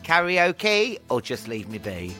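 A man's voice: medium pitch, big pitch swings, slow, pushed and bright, soft background music. Giggly playful male host. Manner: playful and giggly, teasing the guest. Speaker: podcast host. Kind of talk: casual chat, quick-fire quiz.

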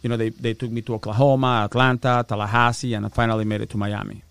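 A man's voice: mid-range voice, fast talker, creaky, smooth, dry recording. A man with a Spanish-influenced accent telling his story in casual talk, acting out the people he quotes and swearing freely. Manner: animated, acts out quotes, swears. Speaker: guest.

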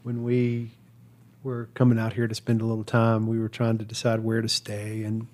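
A man in a relaxed conversation, talking in a thoughtful, earnest way, often pausing and restarting sentences. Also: on the low side. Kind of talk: reflective casual conversation.

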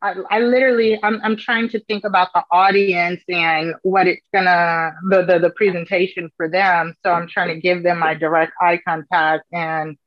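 A woman's voice: lowish voice, little pitch movement, normal speed, hardly any pauses, no room sound. A woman hosting a casual podcast chat, talking hesitantly and repeating words. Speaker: podcast host. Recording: dull dry mic sound.

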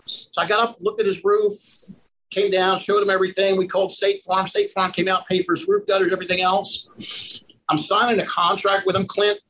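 A man, a roofing contractor, telling lively stories in a casual conversation and acting out the people in them. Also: sits high, a little fast, poor audio. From Pennsylvania. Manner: animated storyteller who acts out the people in his story.

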